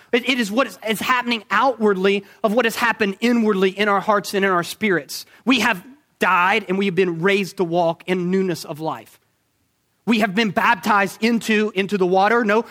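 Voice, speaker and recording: A man preaching a sermon, emphatic, asking rhetorical questions and slowing down to stress key points. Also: sits high, bright, forceful tone.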